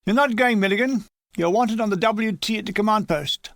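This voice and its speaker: A man voicing a brisk army bombardier who delivers orders curtly in a memoir reading. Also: high-pitched, a bit bright, no room sound, clean studio sound, voice pushed up.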